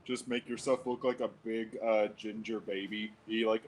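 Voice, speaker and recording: A man's voice: lowish voice, flat delivery, moderate pace, faint music behind, low-quality recording. A man playing a tabletop game, joking and laughing often. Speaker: player. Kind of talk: casual tabletop game chat.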